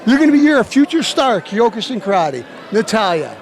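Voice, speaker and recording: A man's voice: high voice, brisk, faint music behind, a faint crowd. A man hosting his show, hyping the event and interviewing people in a playful, hammy showman manner. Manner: animated, playful hype-man delivery. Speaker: show host.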